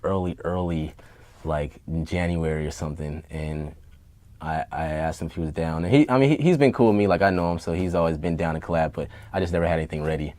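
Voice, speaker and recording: A man being interviewed about his music, talking candidly and rambling, profane and quick to get worked up. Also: very deep voice, no room sound. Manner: rambling, profane, gets heated and animated. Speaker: rapper and producer being interviewed. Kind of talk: candid casual interview talk. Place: home studio basement.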